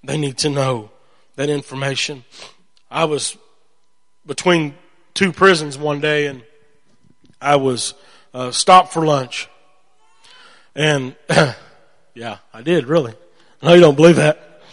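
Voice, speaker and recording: Animated preacher in a reverberant hall. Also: male voice, on the high side, slow pace, pauses often. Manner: animated storytelling, acts out voices. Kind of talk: sermon.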